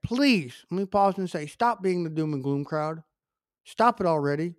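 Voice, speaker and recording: A man's voice: on the high side, lively intonation, moderate pace, no room sound, clean studio sound. A man preaching a sermon in an emphatic, conversational way, full of asides and repeated phrases.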